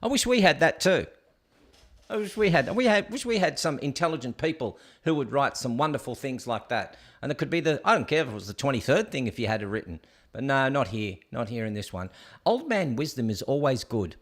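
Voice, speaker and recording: A man hosting a casual show, chatting and laughing loudly about viral clips. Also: medium pitch, brisk. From Australia. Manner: chatty, laughing often, loud and lively. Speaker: host.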